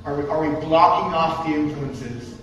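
A man's voice: on the high side, normal speed, a bit bright, slight background noise. A man preaching a sermon in a church, emphatic and repetitive, posing rhetorical questions to the congregation. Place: church sanctuary. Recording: distant mic in an echoey church hall.

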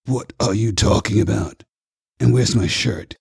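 A wary, tough male captive, played by a man reading an audiobook in close to his own voice. He speaks tersely and keeps his guard up. The tone is mellow and slightly husky, in a dry, close sound. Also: on the low side, a little slow, no room sound, heavily acted. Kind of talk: audiobook character voice.

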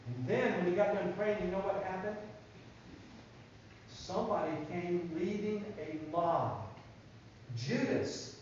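A man giving a children's sermon in a church, telling a Bible story in an animated way and asking the kids questions. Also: sits high, slight background noise. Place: church sanctuary. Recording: echoey church from far off, dull sound.

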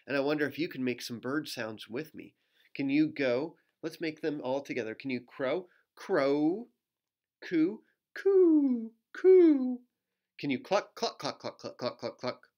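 A male pastor reads a rhyming children's book aloud in an easy, mid-pitched voice. He slips into playful asides for young listeners and joins in with animal noises. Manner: gentle storytelling with playful asides and animal sounds.

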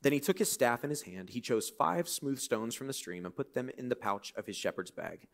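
Lively joking man preaching a sermon. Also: medium pitch, brisk, gravelly. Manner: animated, conversational, joking asides. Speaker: pastor. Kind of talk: sermon with scripture reading. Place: church.

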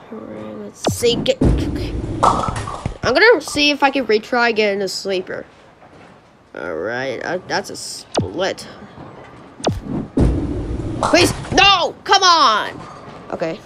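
A channel host giving rambling commentary on a mobile game, who yelps and groans at misses. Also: female voice, mid-range voice, big pitch swings, measured pace, vocal fry, pauses often, background noise. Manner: rambling, restarts sentences.

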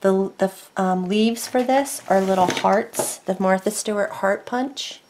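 A woman's voice: medium pitch, unhurried, background noise. A woman crafter talks through her projects in a loose, rambling way, stopping and correcting herself often. She chats casually from her desk at home. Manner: rambling, chatty, full of fillers and self-corrections. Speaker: craft vlogger. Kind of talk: casual show-and-tell chat.

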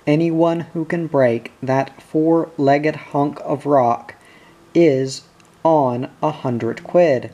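A man's voice: on the high side, fairly even intonation, extremely slow, mellow. A man reading the lines of a blustering, growling cattle boss in a storybook reading. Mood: gruff. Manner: growling, snappish, bossy.

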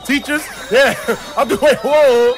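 A young man streaming a video game, excitedly yelling, laughing and talking to his chat over game music. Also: very high-pitched, takes it slowly. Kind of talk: excitable let's-play commentary.

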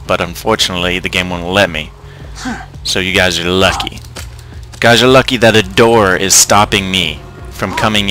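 A man's voice: sits low, pushed and bright. A young man casually commentating a video game, joking and talking to the enemies on screen. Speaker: gameplay commentator. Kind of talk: casual let's-play commentary. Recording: game music playing behind. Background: game music.

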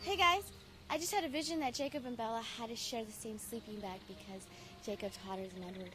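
A woman acting out a gossipy young seer vampire, chatty and eager to share. Her voice sits fairly high, with music clear behind it. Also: quick pace, lightly acted.

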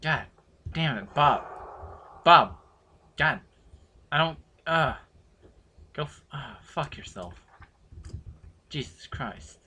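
A teenage boy hosting a horror game playthrough, chatting to viewers in rambling asides and swearing loudly when startled. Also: fairly high pitch, animated, takes it slowly, long pauses, slight background noise. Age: teens. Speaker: gaming channel host. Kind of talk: horror game let's play commentary.

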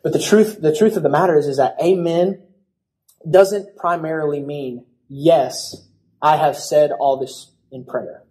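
Animated young pastor preaching a sermon. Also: male voice, fairly high pitch, measured pace. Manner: animated storytelling with acted-out voices.

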